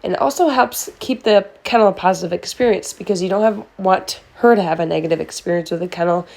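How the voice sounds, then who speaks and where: A woman's voice: mid-range voice, fast, gravelly, a little mellow. A woman dog trainer explains her methods in a friendly, methodical voice-over. She lays out each step plainly, as if guiding a new owner. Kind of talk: instructional voice-over.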